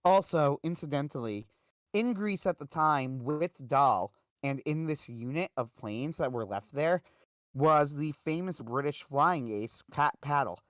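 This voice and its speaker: Chatty man with a smooth voice. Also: a little high, lively intonation, measured pace, fairly bright tone, no echo, clean studio sound. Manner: rambling, full of "uh" and "like". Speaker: livestream host. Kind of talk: casual storytelling monologue.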